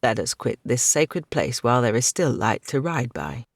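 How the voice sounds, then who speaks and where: A man's voice: medium pitch, lively intonation, normal speed, creaky, no echo, studio quality. A man voicing a lofty proud knight. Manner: lofty, formal.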